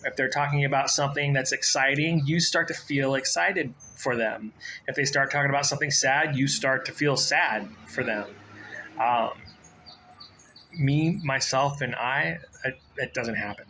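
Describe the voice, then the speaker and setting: A man in his forties talks straight to the camera in a casual, rambling way, circling back and restarting his sentences. His voice has a bright, forward edge, with a faint hum of room ambience behind him. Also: mid-range voice, normal speed, low-quality recording. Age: 40s. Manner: rambling, repeats himself, frequent fillers and restarts. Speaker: vlogger giving job advice. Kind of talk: casual advice talk to camera.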